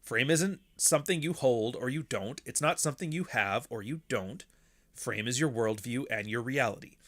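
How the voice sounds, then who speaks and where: A man hosting a casual commentary monologue, talking bluntly with frequent swearing and animated asides. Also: medium pitch, normal speed. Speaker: podcast host.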